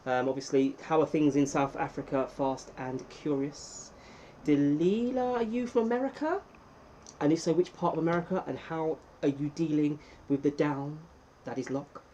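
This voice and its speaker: A man's voice: on the high side, moderate pace, a little hiss or hum, low-quality recording. Chatty man hosting a live stream. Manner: chatty, greets viewers by name, bursts of excitement. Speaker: livestream host. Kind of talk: casual live-chat stream.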